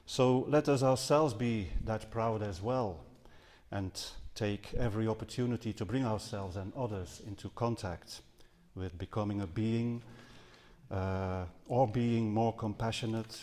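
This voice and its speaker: A man's voice: lowish voice, darkish tone. A man giving a Buddhist dharma talk to a live audience, speaking earnestly with some hesitations and self-corrections. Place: seminar house hall. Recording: long reverb from a hall.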